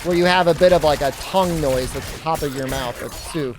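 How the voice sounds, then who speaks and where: A man's voice: fairly high pitch, fairly quick, background noise. A man from New England chatting casually as a game streamer, rambling with lots of filler words and frequent chuckles. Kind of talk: casual chat while gaming.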